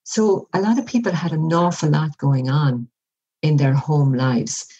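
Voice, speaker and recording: A woman talks as a guest in a conversational interview. She is reflective and unhurried, and she acts out little example dialogues as she explains. Her voice is mellow and dark with a breathy, husky edge. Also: deep voice, lo-fi sound. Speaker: workplace wellbeing guest.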